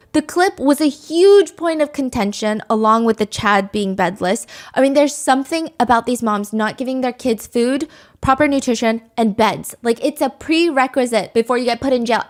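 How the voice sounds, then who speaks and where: Brief: woman podcast host, slightly high voice, chatty and candid, true crime storytelling. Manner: candid, conversational, lots of "like".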